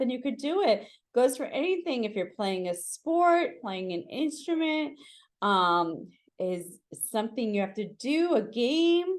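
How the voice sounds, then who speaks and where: A woman reading a picture book aloud to children, pausing to ask listeners to fill in the words. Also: high voice. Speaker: children's story reader.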